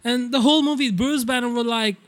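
A man hosting a casual spoiler podcast, rambling excitedly and swearing a lot as he recaps a movie. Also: extremely high pitch, brisk. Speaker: podcast host.

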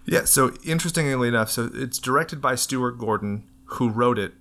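A man hosting a spoiler podcast, chatting casually and retelling a story with animated voiced quotes. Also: medium pitch, normal speed. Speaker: podcast host. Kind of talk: casual chat.

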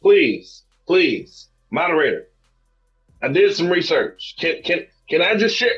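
A man's voice: on the high side, animated, normal speed, a bit bright, breathy edge, soft background music. A man in a podcast debate giving a mock-formal rebuttal, theatrical and pleading, stammering at times. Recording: dull lo-fi sound.

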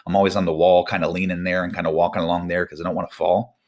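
A man preaching a sermon as pastor, animated, stretching out key phrases for emphasis. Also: sits low, rapid-fire.

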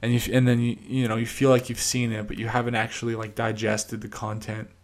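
A man's voice: mid-range voice, monotone, brisk. A young man hosting a podcast alone, talking casually and rambling with lots of fillers. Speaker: podcast host. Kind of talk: casual solo monologue.

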